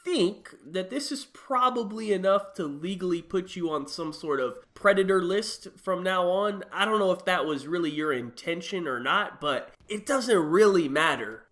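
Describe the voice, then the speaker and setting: Man, reaction streamer, somewhat high voice, blunt, mocking, casual slang. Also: sharp tone. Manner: blunt, mocking, says "like" and "bro" often. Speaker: commentary streamer.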